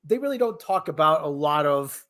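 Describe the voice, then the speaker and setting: A man's voice: a little high, animated, normal speed, a bit bright. A man hosting a podcast, giving sardonic, rambling commentary with frequent restarts. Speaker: podcast host. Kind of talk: casual commentary chat.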